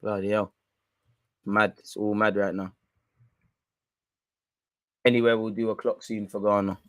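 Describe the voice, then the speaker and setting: A young man giving excitable, banter-filled live reaction commentary on a football match. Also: fairly low pitch, measured pace, dry recording. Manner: excitable, banter-heavy, swears. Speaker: football watch-along streamer.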